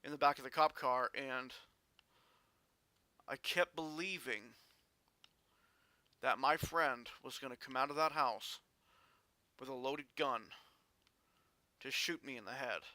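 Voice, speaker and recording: A man vlogging a personal story in an earnest, halting way with frequent restarts. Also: medium pitch, pushed and bright, no room sound.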